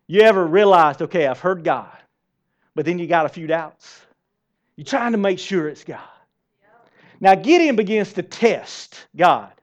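A man preaching a sermon to a church congregation, lively and asking them direct questions. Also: fairly high pitch. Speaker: pastor. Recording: dull lo-fi sermon recording.

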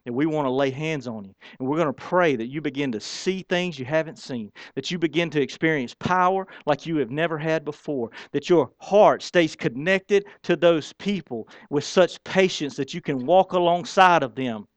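A man's voice: fairly high pitch, normal speed, hardly any pauses, dry recording. A man who is a pastor preaching a sermon in a folksy, emphatic way with casual slang.

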